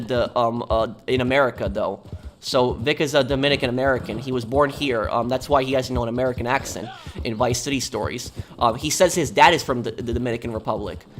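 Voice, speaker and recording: The recording carries a slight hiss or hum behind this man's medium-pitched, somewhat bright voice. He's a New York game streamer making casual conversation during gameplay, rambling, stopping and starting, and repeating words while he thinks.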